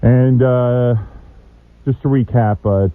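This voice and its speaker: A man's voice: mid-range voice, fairly even intonation, takes it slowly, clear, resonant tone, no echo. A man hosting a radio show, teasing and laughing at an intern's audition. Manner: mocking, laughing often. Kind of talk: joking radio banter. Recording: thin phone-like broadcast audio.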